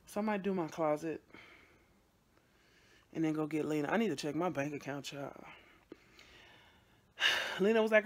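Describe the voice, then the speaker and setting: A woman's voice: on the low side, moderate pace, long pauses. A woman vlogging casually, venting bluntly to her camera with frequent swearing and rambling restarts.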